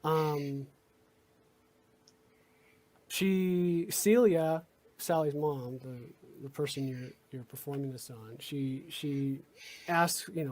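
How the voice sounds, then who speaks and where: A woman running a tabletop game as game master, describing scenes in a hesitant, halting way. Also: low-pitched, a little mellow. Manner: hesitant, stops and restarts while describing.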